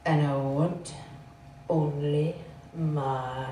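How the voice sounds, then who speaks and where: A sulky, defiant four-year-old boy who speaks in a very low, dragging, ominous voice, as a woman puts him on during stand-up. The sound is echoey and distant, with noticeable hiss. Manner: slow, flat, ominous. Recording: roomy live venue, distant, hissy.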